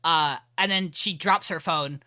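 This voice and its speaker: Man, podcast co-host, bright voice, dry sound, animated retelling, swears casually. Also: fairly high pitch, unhurried, clear, resonant tone, no echo. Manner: animated retelling, acting out lines, swearing and laughing. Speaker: podcast co-host recapping an episode.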